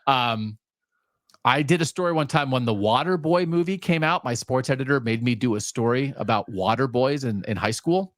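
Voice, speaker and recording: A man co-hosting a sports talk podcast, chatting casually and telling rambling, animated stories. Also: mid-range voice, normal speed, dry recording, clean studio sound. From US Mid-Atlantic region. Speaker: podcast co-host. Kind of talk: casual chat.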